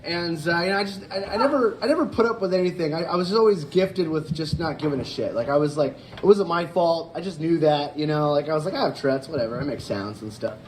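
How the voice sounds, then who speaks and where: A man's voice: on the high side, quick pace, hardly any pauses, slight background noise. A man doing a stand-up set on a club stage, rambling with lots of fillers and laughing at his own jokes. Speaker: stand-up comedian. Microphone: handheld stage mic. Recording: live club audience audible. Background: audience laughter.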